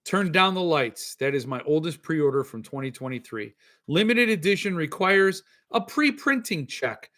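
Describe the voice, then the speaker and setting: A man's voice: high-pitched, bright, forceful tone. A middle-aged man hosting a casual solo podcast, reading out chat comments and ranting in exasperation. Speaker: podcast host.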